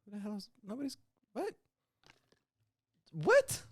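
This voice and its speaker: A man's voice: high-pitched, wildly swooping pitch, a little slow, husky, no echo, studio quality. A man co-hosting a podcast, chiming in with jokes and teasing remarks in casual chat. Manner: jokey, teasing interjections. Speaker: podcast co-host.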